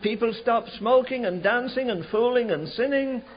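A man preaching a sermon, telling a revival story in an animated way, slowing and rising for emphasis. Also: very high voice, slightly rough. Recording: dull lo-fi recording.

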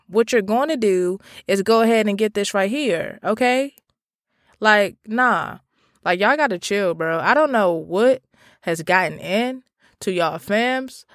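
A woman's voice: fairly high pitch, no echo, clean studio sound. A woman in a blunt, profane, sarcastic casual rant to the camera.

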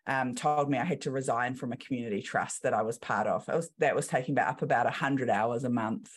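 A woman's voice: sits low, fairly quick, hardly any pauses. A woman in her thirties with a New Zealand accent, a business coach telling stories in a podcast interview and acting out the voices of the people she quotes. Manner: lively storytelling, acts out quoted voices.

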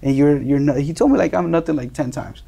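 A young man from Colombia, a native Spanish speaker, telling casual stories as an interview guest, animated and laughing often. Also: on the high side, quick pace, vocal fry. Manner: animated, laughing, acts out quoted voices. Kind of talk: casual storytelling.

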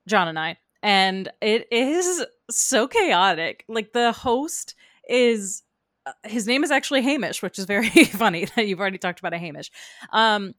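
A woman co-hosting a podcast, chatting casually and animatedly about TV shows with quick asides. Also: mid-range voice, fairly bright tone, dry recording, clean studio sound. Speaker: podcast co-host.

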